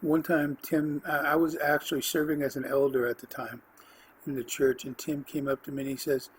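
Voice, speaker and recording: An earnest man recounts his faith story in a loose, rambling way. He restarts his sentences and clears his throat now and then. His voice sits a touch high, with a faint hum of room ambience behind it. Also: level tone, moderate pace, rough recording. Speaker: podcast host. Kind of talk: personal faith testimony, casual storytelling.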